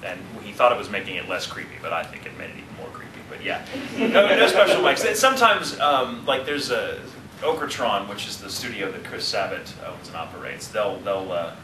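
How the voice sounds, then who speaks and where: A man in his thirties, a voice actor answering fan questions at a convention panel, talking in an animated, joking way and wandering off into tangents. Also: lowish voice, a little fast. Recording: roomy, distant, noisy audience recording.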